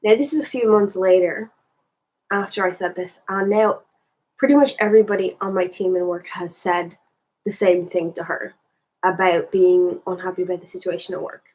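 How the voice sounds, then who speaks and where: A woman's voice: on the low side, steady tone, moderate pace, a little mellow, low-quality recording. An Irish woman talking candidly in a casual reflective monologue, rambling and thinking aloud as she goes. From Ireland. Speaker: spiritual vlogger.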